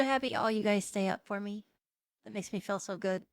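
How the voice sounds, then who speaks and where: A young woman hosting a live stream, chatting casually with viewers, giggling often and filling pauses with "um" and "uh.". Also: mid-range voice, vocal fry, dry recording. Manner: chatty, giggly, lots of fillers. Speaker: VTuber streamer host.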